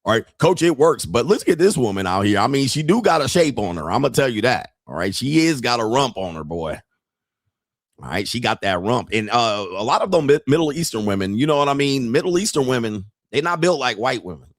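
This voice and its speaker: A man's voice: mid-range voice, big pitch swings, fairly quick, dry recording, studio quality. A man streaming reaction commentary on street pickup videos, blunt and profane, laughing often as he mocks what he watches, speaking.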